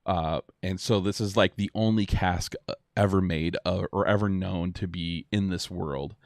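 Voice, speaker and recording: Low-voiced, halting male game master. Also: fairly even intonation, no room sound, clean studio sound. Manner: halting, with many fillers and restarts. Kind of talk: narrating a tabletop game.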